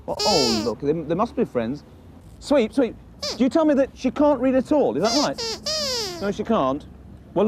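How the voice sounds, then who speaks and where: A man's voice: sits high, background noise. A man with a British accent presenting a children's show, talking playfully and patiently to a puppet. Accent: British English. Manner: animated, teasing, patient.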